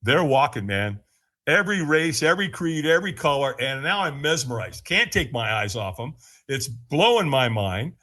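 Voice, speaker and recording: A man's voice: very animated, normal speed, bright, forceful tone. A man on a podcast, telling his story with frequent laughs and acted-out quotes. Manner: laughs often, acts out quotes in a higher voice. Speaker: podcast guest. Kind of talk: animated storytelling.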